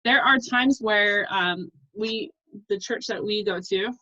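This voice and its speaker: A woman in her thirties leading a casual motivational team call, talking fast and effusively and often breaking off mid-sentence. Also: mid-range voice, bright, forceful tone, highs cut off. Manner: fast, effusive, self-interrupting. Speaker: team leader on a coaching call.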